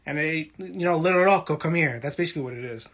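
A man's voice: fairly high pitch, fast, fairly bright tone, husky. A young man from Brooklyn, casually hosting a livestream, reading the chat and teasing viewers playfully. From Brooklyn, New York.

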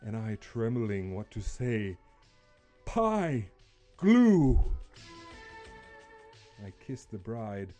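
Slow, theatrical man reading poetry. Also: lowish voice, fairly even intonation, faint music behind. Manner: theatrical, swinging from muttering to shouting.

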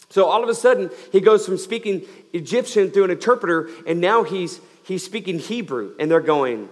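A man preaching a sermon in a fairly high voice, his delivery swinging from loud, pressing emphasis to soft, drawn-out lines. The sound carries a long hall reverb behind him. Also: animated. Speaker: pastor.

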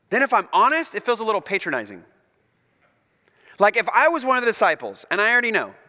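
Male pastor delivering a lively, conversational sermon; high, bright voice, hall reverb. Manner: animated, conversational, emphatic.

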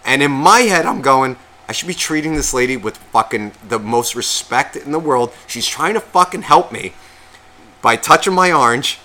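On a podcast, a sick co-host tells a long, profane, self-mocking story in a casual chat, acting out what people said. His mid-range voice is expressive, pushed and bright, at normal speed.

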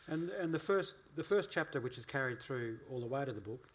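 A man interviewing authors, asking measured questions with hesitations. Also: mid-range voice, expressive. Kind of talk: conversational interview.

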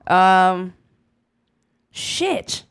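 A woman with a lowish voice chats as a guest on a podcast. She laughs easily and answers in blunt, slangy terms. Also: sing-song, drawn-out words, clear, resonant tone. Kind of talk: casual interview banter.

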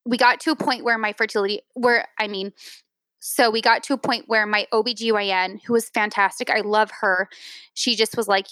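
Woman, thirties, podcast guest, teary, halting storyteller, dry sound. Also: mid-range voice, steady tone, fairly bright tone, no room sound. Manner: tearful, halting, many restarts and fillers. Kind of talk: emotional personal story on a podcast.

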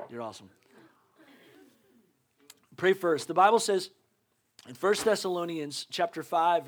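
A man preaching a conversational sermon as a pastor, earnest and urging, repeating his points with joking asides. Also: high-pitched.

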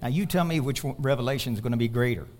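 A male pastor preaching a sermon, swinging from loud exhortation to hushed asides. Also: mid-range voice, racing.

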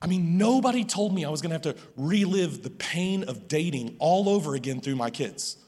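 A middle-aged man, a pastor preaching a sermon. He tells a personal story with many repeated words and restarts, moving between hushed and loud passages. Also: fairly high pitch, lively intonation, brisk. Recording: long hall reverb.

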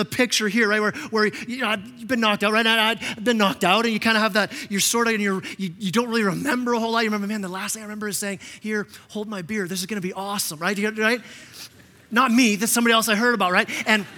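A man preaching a sermon as pastor, impassioned, often repeating words and acting out quotes in a softer voice. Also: high-pitched. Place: church sanctuary. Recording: long reverb of a church hall.

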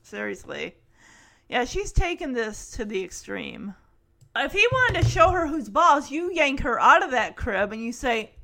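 Bright, animated young woman. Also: high voice, vocal fry. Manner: animated, chatty, quick asides. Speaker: host recapping a sitcom. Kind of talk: casual commentary.

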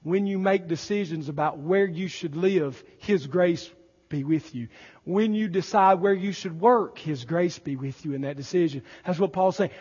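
A pastor with a high, slightly raspy voice delivers a sermon, swinging between hushed teaching and loud, emphatic declarations. The recording is dull and lo-fi, with long reverb from a large church sanctuary. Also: male voice, normal speed. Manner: builds from quiet teaching to loud emphatic preaching.

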